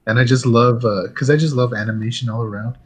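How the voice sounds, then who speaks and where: Husky hoarse-voiced man on a podcast. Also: medium pitch, fairly even intonation, quick pace. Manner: laid-back, chuckling, rambling enthusiasm. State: hoarse, losing his voice. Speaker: podcast host. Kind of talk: casual chat.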